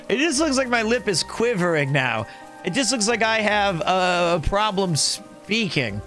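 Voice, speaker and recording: A man's voice: high-pitched, sing-song, a little slow, sharp tone, faint music behind. A man streaming a game and chatting casually, rambling and joking in a playful way. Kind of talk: casual live-stream chat.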